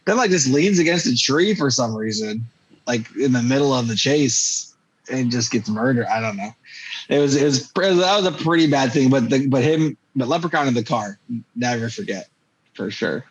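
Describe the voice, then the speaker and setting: A man's voice: medium pitch, animated, moderate pace, slightly rough, lo-fi sound. A man hosting a podcast, rambling through a casual movie-review chat with lots of fillers and jokes. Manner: rambling, filler-heavy, jokey. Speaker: podcast host.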